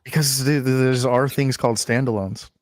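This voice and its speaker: A man at an ordinary middle pitch trading blunt, emphatic takes in a podcast chat and cursing freely. The sound is dry and close, with no echo. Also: steady tone, moderate pace. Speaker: podcast co-host. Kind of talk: casual chat.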